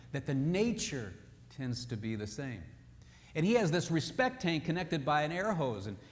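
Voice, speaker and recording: Animated high-voiced male preacher. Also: long reverb tail. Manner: animated, humorous storytelling. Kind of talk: sermon.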